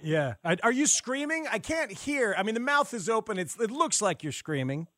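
A man's voice: sits high, sing-song, moderate pace, bright, forceful tone, no room sound, clean studio sound. A man interviewing a player, asking questions in a playful, upbeat way. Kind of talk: morning interview.

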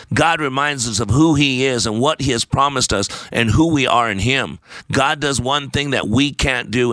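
A man's voice: medium pitch, fairly bright tone, no echo. A man hosting a radio show, talking in an emphatic, repetitive, sermon-like way. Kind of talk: preachy talk radio monologue.

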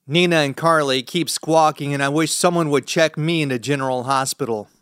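A man's voice: on the high side, brisk, a bit bright, clean tone, dry recording, clean studio sound. Man narrating a tense audiobook. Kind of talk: scripted first-person audiobook narration.

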